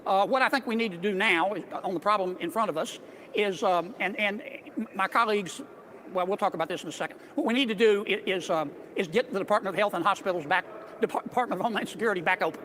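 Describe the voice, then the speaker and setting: An older man, a senator, giving press remarks in a halting way, full of fillers and restarts. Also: high voice, pushed and bright, slight background noise.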